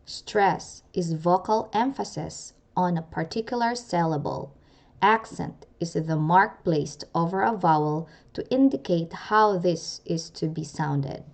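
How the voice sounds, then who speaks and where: Slow, deliberate woman teaching words. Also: fairly low pitch, vocal fry. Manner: deliberate, repeats each example word carefully. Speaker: language teacher. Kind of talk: slow instructional narration.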